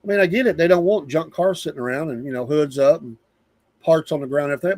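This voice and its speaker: A man's voice: fairly high pitch, lively intonation, fast talker, a little mellow, no room sound. A middle-aged man with a Southern US accent hosting a live show, venting in a casual, rambling monologue and repeating himself for emphasis.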